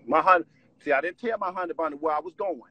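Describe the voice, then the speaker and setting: High, husky-voiced man ranting live. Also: fast talker, sharp tone, dry recording, low-quality recording. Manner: agitated, repetitive, profane. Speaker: live streamer. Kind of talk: live-stream rant. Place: at home.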